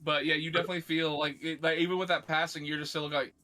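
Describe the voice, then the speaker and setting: A man's voice: fairly high pitch, level tone, fast, sharp tone, faint music behind. A man narrating a tabletop game as game master, rambling with fillers and restarts.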